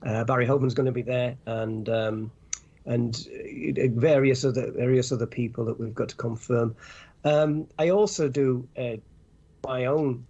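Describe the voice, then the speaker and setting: An older British man, a podcast co-host and cycling author, chatting casually in a halting way with many restarts. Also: mid-range voice, steady tone, dark tone, lo-fi sound. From Britain. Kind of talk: casual chat.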